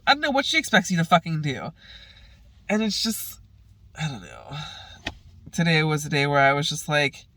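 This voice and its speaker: A man's voice: sits high, quick pace, bright, forceful tone, no room sound. A young adult man venting in a heated, profane monologue, sighing often between his words. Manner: profane, heated ranting with sighs. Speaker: vlogger.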